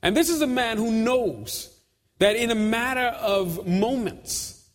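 A man preaching a sermon with steady, emphatic delivery and repeated phrases. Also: very high-pitched, slow. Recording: long hall reverb.

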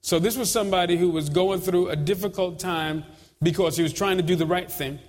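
A man's voice: high-pitched, a little fast. A preaching man echoing in a hall. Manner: steady, emphatic preaching with repeated phrases. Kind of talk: sermon. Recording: long hall reverb.

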